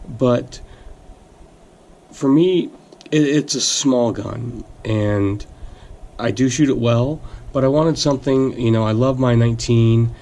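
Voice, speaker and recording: A man hosting his own channel, slightly hoarse as he is losing his voice, talking casually about a product with plenty of fillers and restarts. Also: mid-range voice, slow. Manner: relaxed, rambling with fillers and restarts. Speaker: gun channel host. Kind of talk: casual product talk to camera.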